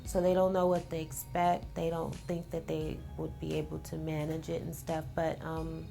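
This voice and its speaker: A woman's voice: sits low, completely flat delivery, moderate pace, gravelly, warm tone, faint music behind. A woman who runs a natural hair care business, speaking hesitantly with many fillers on a casual panel.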